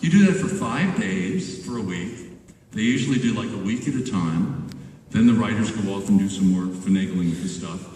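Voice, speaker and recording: A man in his sixties, a voice actor guest at a convention panel, telling animated stories about studio work with laughs and acted-out exchanges, recorded from far off in a large hall. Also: lowish voice, moderate pace. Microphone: handheld camera far from stage.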